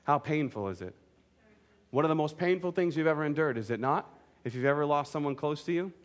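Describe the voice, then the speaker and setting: Guy preaching, kinda high voice, earnest, keeps asking the room stuff. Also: lively intonation, a little fast. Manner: earnest, questions the congregation, jokes in between. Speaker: pastor. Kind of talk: sermon.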